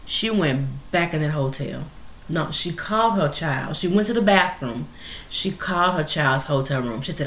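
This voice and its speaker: A woman hosting a podcast, telling a story in a casual, emotional, animated way. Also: sits low, moderate pace, reverberant, a little hiss or hum. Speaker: podcast host.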